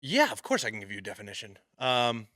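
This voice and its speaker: A man's voice: medium pitch, wildly swooping pitch, quick pace, sharp tone, no room sound, clean studio sound. Matter-of-fact man running a quiz. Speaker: podcast co-host, quizmaster. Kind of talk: casual podcast banter.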